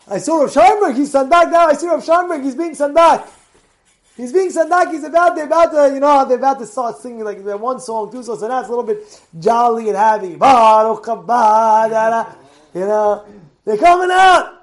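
A man giving a sermon as a lively story, swinging from loud urging to hushed, quiet storytelling. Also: extremely high pitch, brisk.

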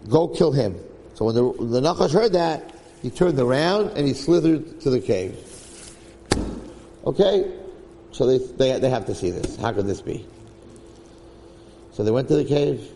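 A man's voice: medium pitch, expressive, a little slow, pauses often, mellow, long reverb tail, a little hiss or hum. A man teaching a Torah class in sermon style, telling a story emphatically and weaving in Hebrew phrases with repeated lines. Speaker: rabbi giving a Torah class.

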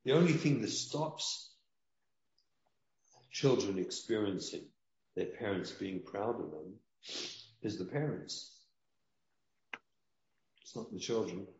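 Male rabbi guest, low voice, earnest preaching tone, echoey lo-fi recording. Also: expressive, slow pace, long pauses, a little mellow. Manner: earnest, preaching, repeats key lines. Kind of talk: emotional interview talk. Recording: dull roomy sound.

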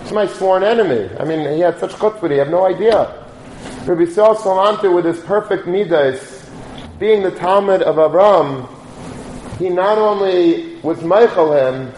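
A man's voice: high voice, a little mellow, slight background noise. A man giving a sermon, conversationally telling a story with quoted voices. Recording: echoey room.

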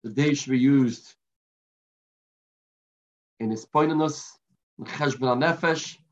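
A man giving a Torah class sermon, telling a story with dramatic pauses and Hebrew and Yiddish terms. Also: mid-range voice. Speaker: rabbi. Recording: lo-fi muffled recording.

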